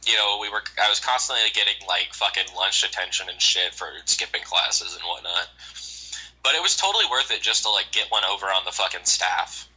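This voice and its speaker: A man's voice: low-pitched, expressive, brisk, pushed and bright, slightly rough, rough recording. A young man telling a rambling, profane story in casual chat, with lots of fillers. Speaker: storyteller on a call show.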